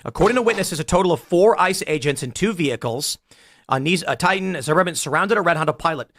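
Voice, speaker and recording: Male commentator, fairly high voice, dry sound, emphatic reader. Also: a bit bright, dry recording. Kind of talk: reading and commenting on a news report.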